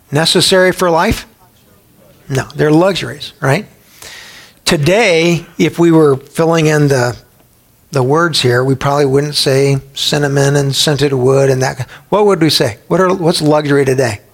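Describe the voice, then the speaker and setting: A middle-aged man from Texas leads a Bible lesson in an easy, conversational way. His voice sits slightly high and carries a gravelly edge. He keeps turning to his listeners with questions and small stories. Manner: chatty, asks the audience questions, tells anecdotes. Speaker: Bible teacher.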